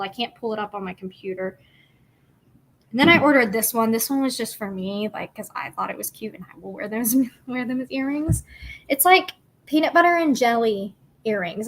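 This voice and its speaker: A young woman chatting casually and bubbly on a craft livestream, rambling with many fillers. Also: on the high side.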